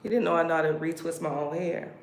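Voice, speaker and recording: A woman's voice: sits low, steady tone, fast talker. Woman, livestream host, casual chat, playful, roomy echo. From United States. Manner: chatty, laughing, playful. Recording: roomy echo, background noise.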